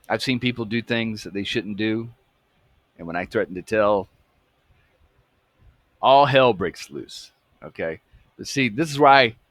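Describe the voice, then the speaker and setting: A man's voice: mid-range voice, a bit bright, no room sound. A man in his fifties from the US South, talking in an emphatic, profane monologue that keeps checking in with his listeners. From Atlanta, US South. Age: 50s. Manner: emphatic, profane, keeps asking "okay?" and "folks". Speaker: true-crime channel host. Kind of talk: casual monologue.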